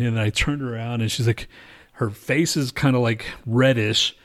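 A man's voice: mid-range voice, steady tone, moderate pace. Man, casual storyteller, rambling and profane, mid-range voice. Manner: rambling, profane, with frequent restarts and fillers. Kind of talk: casual chat.

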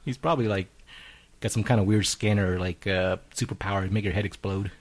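A man's voice: lowish voice, steady tone, brisk. A man co-hosting a podcast, rambling casually with fillers and crude jokes. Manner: rambling, laughing, uses fillers. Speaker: podcast co-host.

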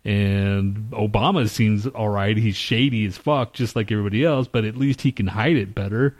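A man's voice: lowish voice, moderate pace, a little mellow. Rambling, swearing male podcast host. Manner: rambling, profane, mocking impressions. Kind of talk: casual chat.

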